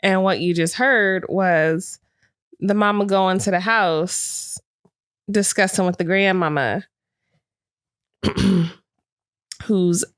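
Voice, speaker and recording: A frank woman co-hosting a podcast, setting up a clip and then giving her plain opinion. Her voice is mid-pitched and recorded close and dry. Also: steady tone, takes it slowly, long pauses, clear, resonant tone, no room sound. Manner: reads captions, frank opinions. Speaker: podcast co-host. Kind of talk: casual chat.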